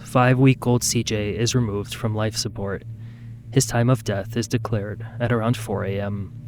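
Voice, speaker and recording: A man narrating a true-crime documentary in a measured, scripted way. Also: mid-range voice, darkish tone.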